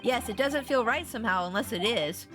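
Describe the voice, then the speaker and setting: Kobieta grająca grzecznego młodego prawnika. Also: female voice, fairly high pitch, lively intonation, a little fast, over music, natural voice. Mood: earnest.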